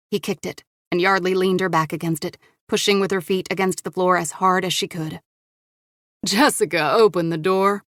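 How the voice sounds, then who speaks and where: A woman narrating a thriller audiobook in a steady, measured way into a studio microphone. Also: lowish voice, no room sound. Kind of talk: scripted narration.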